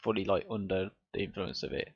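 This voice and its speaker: A man's voice: sits low, quick pace, gravelly, husky. A young man, a guest on a podcast, wondering aloud about a film character with lots of "like" and "obviously". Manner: thinks aloud with many fillers. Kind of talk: casual film discussion. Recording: dull, muffled mic sound.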